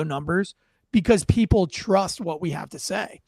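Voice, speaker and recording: A middle-aged man hosting a casual commentary show, reacting to police footage in a blunt, profane, animated way. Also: high-pitched, unhurried, gravelly, no echo, clean studio sound.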